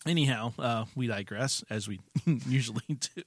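A man's voice: medium pitch, lively intonation, moderate pace. A man co-hosting a casual podcast, joking, teasing and laughing often. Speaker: podcast co-host.

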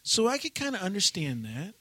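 A man's voice: sits high, wildly swooping pitch, brisk, pushed and bright, dry recording. A man co-hosting a casual chat, joking animatedly and laughing often. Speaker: podcast co-host.

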